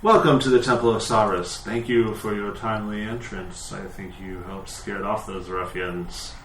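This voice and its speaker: A man's voice: lowish voice, fairly even intonation, normal speed, slight background noise, lightly acted. A man voicing a wary male temple priest who haggles for a donation, in a tabletop game recorded in a roomy space. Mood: welcoming.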